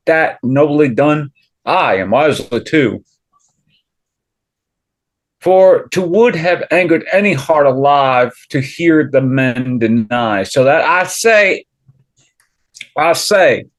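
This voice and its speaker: A man's voice: on the high side, slow, long pauses. A man with a Southern US accent playing a wry, suspicious nobleman with a sardonic delivery in an amateur stage-play reading.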